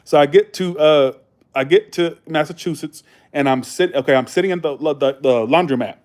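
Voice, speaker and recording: His pitch runs a little high and his tone darkish, at a normal speed. He's from the Southern United States, with the accent to match, chatting casually on a live stream, telling tales and swearing freely.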